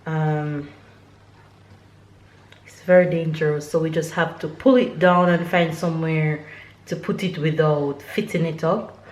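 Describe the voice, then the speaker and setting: A woman's voice: low voice, fairly even intonation, a little slow, long pauses, a little mellow. A young woman from Jamaica chatting casually to her vlog viewers and cooing at her baby. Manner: chatty, laughs often, coos at her baby. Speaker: vlogger. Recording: roomy echo, faint background noise.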